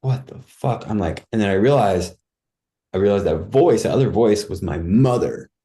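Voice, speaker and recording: Low, mellow-voiced man telling a vivid story. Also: normal speed. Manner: vivid, acts out his own cries and thoughts, says "dude" and "like" a lot. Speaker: podcast guest. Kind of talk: casual personal storytelling.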